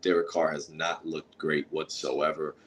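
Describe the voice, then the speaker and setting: A man's voice: rumbling low, flat delivery, measured pace, slight background noise. A man co-hosting a sports podcast, earnestly making his game picks. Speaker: podcast co-host.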